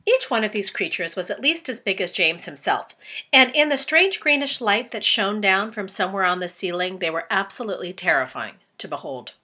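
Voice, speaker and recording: Brief: lively, bright-voiced female teacher reading aloud to kids. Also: mid-range voice, brisk, slightly rough. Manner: animated, asks children questions. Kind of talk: storybook read-aloud for children.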